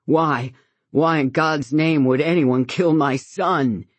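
A woman voicing a grieving father who shouts wild accusations, in an audiobook. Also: deep voice, slow pace, no room sound. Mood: anguished. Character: grief-stricken man, father demanding answers.

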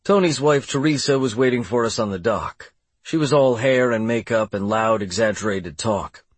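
A man's voice: medium pitch, moderate pace, husky, no echo. A man narrating a first-person audiobook in a wry, sardonic way.

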